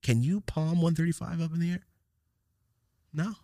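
A man's voice: a little high, normal speed, dark tone, no echo, studio quality. A man hosting a podcast, telling a rambling, profane story in casual chat. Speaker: podcast host.

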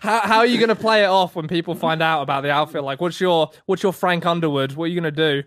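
Man, fairly high voice, teasing podcast banter, dry close sound. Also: fast, a bit bright, dry recording. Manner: teasing, prods others with questions. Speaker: podcast co-host. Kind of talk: casual joking chat.

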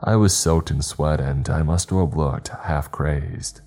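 A man reading a first-person horror story in a measured, grave storytelling manner. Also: a bass voice, darkish tone. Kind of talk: scripted horror narration. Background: faint background music.

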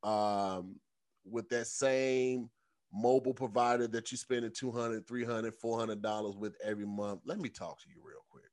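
Slangy, animated podcast co-host man. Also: medium pitch, moderate pace. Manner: animated, slangy, repeats words for comic effect. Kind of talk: casual chat and host-read ad.

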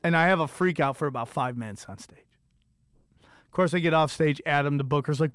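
A middle-aged man hosting a comedy podcast, telling a story in an animated, incredulous, profane rant that swings between high and low pitch. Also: brisk, clear, resonant tone, dry recording, clean studio sound. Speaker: podcast host.

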